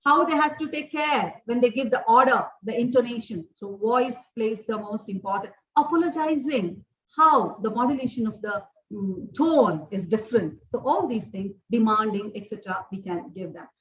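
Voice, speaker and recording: A woman's voice: fairly high pitch, lively intonation, moderate pace, reverberant, recorded from a distance, rough recording. A woman giving a workshop lecture to teachers, listing points and restarting phrases as she goes. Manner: repeats and restarts phrases, list-like delivery. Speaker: workshop resource person.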